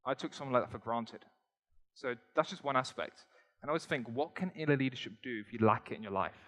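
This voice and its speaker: A young man rattles through a motivational stage talk at a brisk clip. He stays energetic and conversational and tosses joking asides to the crowd. His voice rings out with a long reverb in a big hall. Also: medium pitch. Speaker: motivational speaker. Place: stage before a live audience in a large hall.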